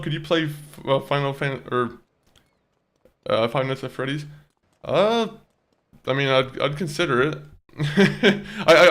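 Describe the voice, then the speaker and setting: A man's voice: medium pitch, fairly bright tone. A young man streaming a video game, chatting with viewers, swearing and laughing as he plays. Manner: chatty, talks to chat, swears and laughs easily. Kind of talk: casual live-stream gameplay commentary.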